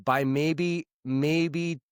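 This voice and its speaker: A man's voice: on the high side, fairly even intonation, drawn-out words, smooth, no room sound, studio quality. A man from the United States co-hosting a podcast, chatting casually and telling stories in a joking, profane way. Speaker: podcast co-host. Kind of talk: casual chat.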